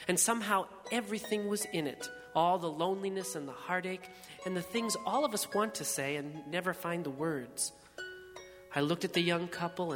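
A man narrating a first-person story in a measured, reflective way. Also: sits high, long reverb tail.

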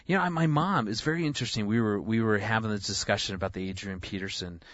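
A man in his forties who talks about parenting in casual conversation, an animated storyteller who often restarts his sentences. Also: fairly low pitch, fast, no echo, lo-fi sound. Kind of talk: conversational discussion.

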